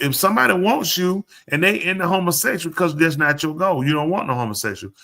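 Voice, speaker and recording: A man with a fairly high, bright, forceful voice hosts a live podcast show. In casual chat he rants bluntly and with strong opinions, speaking to the people around him.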